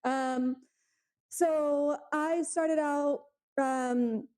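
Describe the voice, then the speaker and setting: A Texan woman in her thirties chats on a podcast from her couch at home. Her voice sits a touch high yet sounds mellow and warm. A slight lisp softens her direct, storytelling delivery. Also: fairly even intonation, very slow. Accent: Texan American. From Texas, United States. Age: 30s. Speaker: podcast co-host. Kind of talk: casual chat.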